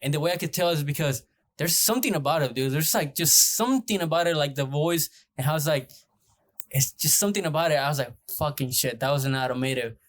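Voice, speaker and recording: A man's voice: fairly high pitch, expressive, quick pace. A man chatting as a podcast guest, rambling with lots of filler words and cursing freely. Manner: rambling, heavy on "like" and "dude", swears freely. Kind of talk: casual chat.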